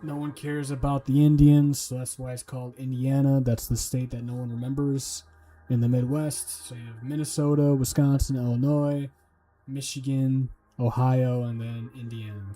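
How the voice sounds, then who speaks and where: A man's voice: medium pitch, level tone, normal speed, warm tone. A man streaming while he studies, talking to himself casually, swearing and making up silly memory tricks. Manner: muttering to himself, swearing, joking mnemonics. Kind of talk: casual livestream study talk.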